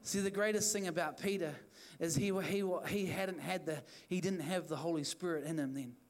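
A man's voice: a little high, normal speed. A man preaching an evening church sermon, urging the listeners on in fervent, repetitive phrases. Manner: fervent, repetitive exhortation with restarts. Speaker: pastor.

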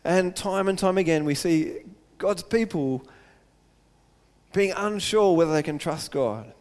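High-voiced preacher man in a reverberant hall. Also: a little slow. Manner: earnest, builds to excited emphasis, repeats phrases. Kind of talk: sermon.

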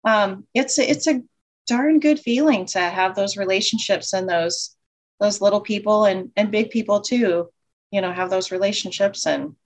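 A woman's voice: mid-range voice, normal speed. A woman who owns and runs a childcare center, talking in a heartfelt, rambling way with many restarts in a casual interview. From Nebraska. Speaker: childcare center director and owner.

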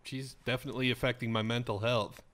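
A man's voice: mid-range voice, fairly even intonation, fast, fairly bright tone. A man in casual chat, riffing bluntly with plenty of profanity.

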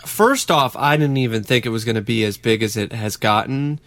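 A man's voice: medium pitch, normal speed, a bit bright, dry recording. A man co-hosting a podcast, easygoing and plain-spoken. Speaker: podcast co-host. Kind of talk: casual podcast chat.

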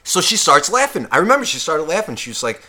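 A man with a slightly high, sing-song voice talks quickly in a bright, forceful tone on a podcast he co-hosts. He tells a profane shopping story as a casual rant, taking on both roles in the conversation.

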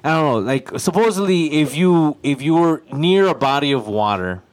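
A man's voice: fairly high pitch, animated, normal speed. A young man from Chicago chatting casually on a podcast, rambling and repeating himself as he tells a story. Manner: rambling, repeats himself, puts on a wailing voice for quotes. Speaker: podcast co-host. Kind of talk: casual chat.

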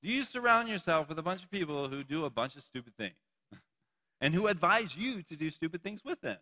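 A man's voice: fairly high pitch, very animated, fairly quick, bright, forceful tone, in a large hall. A young man preaching a sermon to a youth group, playful and joking between points. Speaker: youth pastor.

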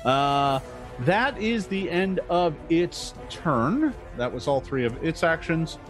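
A man serves as game master for a tabletop session, his voice rising and falling over a wide range. He draws out the dramatic moments slowly and laughs easily between rolls. Faint music plays quietly behind him. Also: a little high, expressive.

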